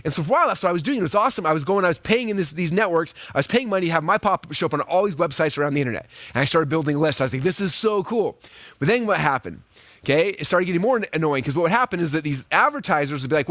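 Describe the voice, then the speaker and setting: A man teaching online marketing to a live group, acting out quoted voices in a high excited pitch. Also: very fast, dry recording. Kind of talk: energetic teaching talk.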